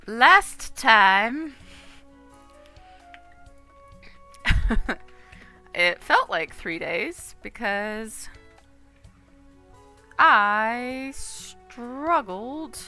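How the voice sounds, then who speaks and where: A woman's voice: mid-range voice, sharp tone. A woman streamer chatting casually and reading game text aloud while playing, laughing often.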